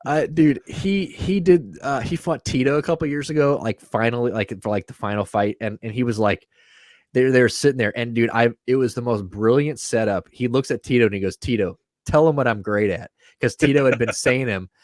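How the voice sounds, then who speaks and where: A man's voice: mid-range voice, fairly quick, dry recording. A man co-hosting a podcast, telling stories in a loose, profane, laughing way. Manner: profane, animated storytelling with frequent laughter. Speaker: podcast co-host. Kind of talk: casual podcast banter.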